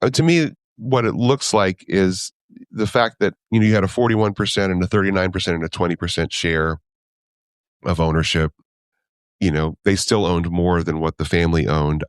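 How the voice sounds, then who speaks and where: A man's voice: low-pitched, normal speed, smooth, no room sound, studio quality. A man co-hosting a podcast, talking easily, thinking aloud and laughing often. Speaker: podcast co-host. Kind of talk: casual chat about comic strips.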